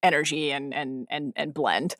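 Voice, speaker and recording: A woman's voice: sits low, fairly even intonation, moderate pace, fairly bright tone, no room sound, clean studio sound. A woman co-hosting a pop-culture podcast, recapping scenes eagerly and laughing often. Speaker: podcast co-host.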